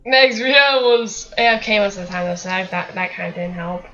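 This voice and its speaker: Bright-voiced young woman commenting on gameplay. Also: mid-range voice, normal speed, lo-fi sound, soft background music. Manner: frustrated muttering, excited outbursts. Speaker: gaming commentator. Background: gunfire from the game.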